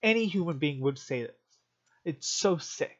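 A man with a fairly high voice gives rambling, emotional commentary, often stumbling and restarting mid-sentence. The recording is dull and lo-fi, like a cheap mic. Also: animated, moderate pace. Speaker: political commentary vlogger. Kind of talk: rambling commentary while reading articles.

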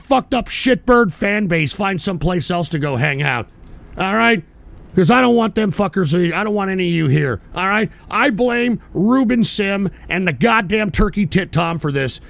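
A man's voice: sits high, gravelly. A man hosting a livestream, ranting in a profane, exasperated way and stumbling over restarts. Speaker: livestream host. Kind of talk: angry livestream rant.

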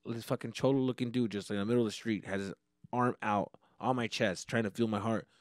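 A young adult man, a comedian, hosting a solo podcast in a casual, profane and animated way. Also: lowish voice, fairly quick, no echo, studio quality. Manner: profane, animated, pep-talk delivery.

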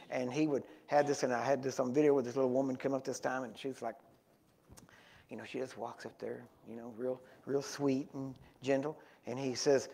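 A male preacher with a slightly raised voice spins loose, winding stories from the pulpit, correcting himself as he goes. He wears a small clip-on microphone in a church. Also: a little high. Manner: rambling anecdotes with self-corrections, grows animated. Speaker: guest preacher. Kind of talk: storytelling sermon. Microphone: small wearable microphone.

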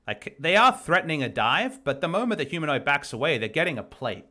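A man's voice: fairly high pitch, very animated, brisk, sharp tone. A man breaking down a recorded match as an esports analyst, explaining plays in detail. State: losing his voice. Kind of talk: game review commentary.

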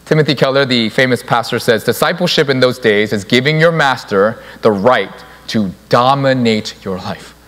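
A man's voice: mid-range voice, moderate pace, few pauses, a bit bright, big-room sound. A young adult man preaching a sermon in a church, stressing key words by repeating them. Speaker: pastor. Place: church sanctuary.

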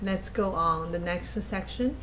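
A woman with a fairly low voice speaks unhurriedly, giving patient masterclass feedback on a recorded piano performance. As the teacher, she explains plainly and counts or hums passages aloud, with piano playing in the background.

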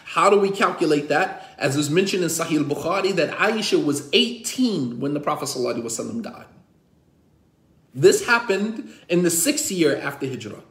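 A man's voice: fairly high pitch, expressive, brisk, a bit bright, roomy sound. A man who is an imam, teaching a religious class in an emphatic, repetitive way with many rhetorical questions. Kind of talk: impassioned religious class lecture.

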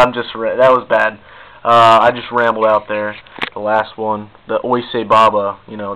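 Bright, rambling young man vlogging. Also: fairly low pitch, lo-fi sound. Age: young adult. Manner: rambling, goofy, self-mocking. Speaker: video blogger. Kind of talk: casual vlog talk to camera.

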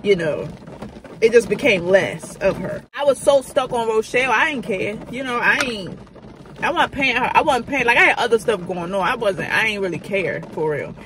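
A woman's voice: fairly high pitch, animated, moderate pace, a bit bright, a little hiss or hum. A woman in her thirties telling a candid, profane storytime in casual slang. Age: 30s. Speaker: vlogger. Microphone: phone camera.

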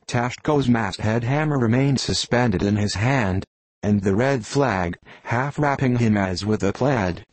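A man narrating a classic novel as an audiobook in a measured, expressive reading. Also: fairly low pitch, no echo, poor audio.

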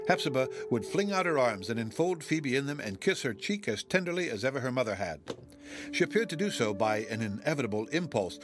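A man narrating a classic novel in a measured, expressive way, slowing down on solemn phrases. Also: mid-range voice. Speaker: audiobook narrator. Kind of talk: scripted narration.

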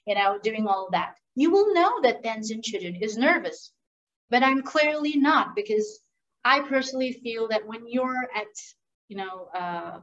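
Woman, communication trainer, energetic, asks the audience questions, slightly high voice, lo-fi online recording. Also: recorded from a distance. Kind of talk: interactive online workshop talk.

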